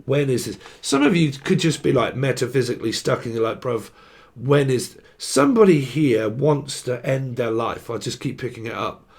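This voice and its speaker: A man's voice: medium pitch, lively intonation, normal speed, creaky, darkish tone, slightly rough. A young man giving a tarot reading in a loose, rambling way, swearing freely and laughing at his own jokes. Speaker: tarot reader. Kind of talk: casual unscripted tarot reading.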